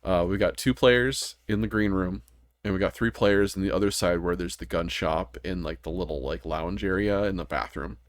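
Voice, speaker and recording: A man with a fairly low voice hosts a casual gaming podcast, rambling through stories with plenty of ums and restarts. The sound is dry and close, with no room around it. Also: normal speed, no room sound. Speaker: podcast host.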